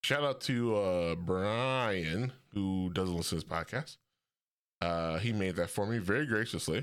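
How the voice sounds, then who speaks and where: A man's voice: low-pitched, a little slow, a bit bright, smooth. A man from hosting a casual solo podcast, rambling and correcting himself, with frequent chuckles. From Ohio. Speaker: podcast host.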